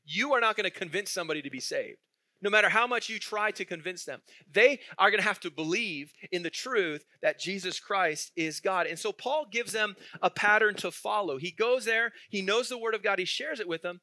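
A man's voice: high-pitched, a little fast, bright, forceful tone, no echo, clean studio sound. A male pastor preaching a sermon in a conversational way, asking the congregation questions and chuckling through his stories.

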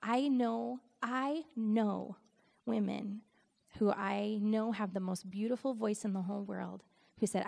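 A middle-aged woman giving a conversational sermon, telling stories in an animated way with frequent laughs. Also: mid-range voice, measured pace, gravelly. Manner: animated storytelling, laughs often. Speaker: Christian speaker and worship leader.

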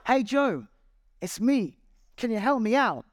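A man voicing a desperate man stuck in a hole, calling up loudly for help. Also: very high voice, big pitch swings, measured pace, dry recording, studio quality, pitched above the performer's own voice, exaggerated voice. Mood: pleading shout.

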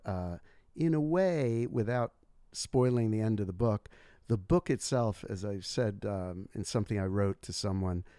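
A man speaks as an interview guest, explaining his views in a thoughtful, measured way. His voice is lowish and mellow. The recording is dry and close. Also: no room sound. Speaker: guest author. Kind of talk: casual interview talk.

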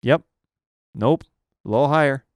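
A man's voice: medium pitch, normal speed, no room sound. A man co-hosting a casual comedy chat, playful and mock-indignant, laughing often. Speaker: podcast co-host.

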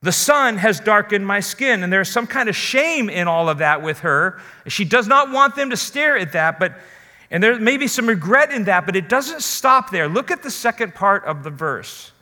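A man's voice: sits high, sing-song, moderate pace, bright, forceful tone, big-room sound. A man preaching a sermon as pastor, talking earnestly and straight to his listeners. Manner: earnest, direct address to listeners.

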